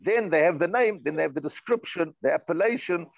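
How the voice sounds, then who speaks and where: A man teaching a Torah class online, explaining texts and chanting Hebrew verses slowly with Yiddish terms. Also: a little high, lively intonation, vocal fry, no echo, highs cut off. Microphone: computer mic, online class.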